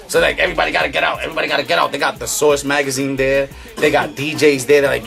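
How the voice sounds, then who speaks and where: A man's voice: mid-range voice, very fast, gravelly, few pauses, music in the background. A man casually telling a story in streetwise slang, acting out what people said. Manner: animated, streetwise slang, acts out quotes.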